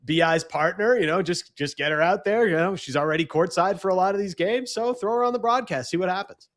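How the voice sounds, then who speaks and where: A man co-hosts a sports talk show in easy, casual chat. He jokes and stumbles through his words with hesitant restarts. His voice sits a little high. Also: fairly quick.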